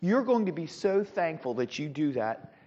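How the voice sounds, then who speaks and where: A middle-aged man teaching a Sunday school class, animated, with rhetorical questions and frequent restarts. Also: on the high side, normal speed. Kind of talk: Bible teaching. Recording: dull lo-fi sound with long hall reverb.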